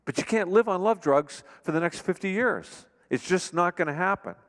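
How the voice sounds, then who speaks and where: Conversational pastor in an echoing hall. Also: male voice, high voice, lively intonation, moderate pace, fairly bright tone. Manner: conversational, acts out couples' quarrels. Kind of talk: sermon.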